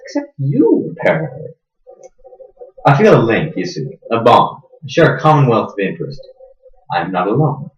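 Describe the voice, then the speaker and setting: A man's voice: medium pitch, huge pitch swings, normal speed. A man playing a sneering sadistic interrogator. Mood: menacing. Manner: menacing, sneering, lurching between hushed and loud. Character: smug, sadistic middle-aged male interrogator. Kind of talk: stage drama acting. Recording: roomy, dull lo-fi recording.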